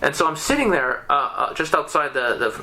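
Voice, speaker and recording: A man's voice: fairly high pitch, brisk, creaky. A young man on a podcast, casually telling a story with constant swearing and lots of restarts. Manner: profane, animated, many restarts. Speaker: podcast guest.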